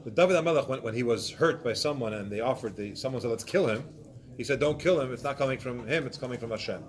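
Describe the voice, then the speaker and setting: A man teaching a Torah class, explaining points with animated examples and acted-out excuses. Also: mid-range voice, fast talker. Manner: animated, acts out excuses in voices.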